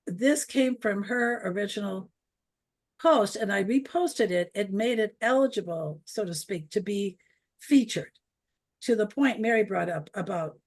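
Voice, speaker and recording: A woman's voice: mid-range voice, husky. A woman in her seventies from Wisconsin with an Upper Midwest accent, hosting an online webinar in a chatty, rambling way over a video call. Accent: Upper Midwest American. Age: 70s. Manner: chatty, rambling, self-deprecating. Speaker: webinar host. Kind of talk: casual online webinar chat.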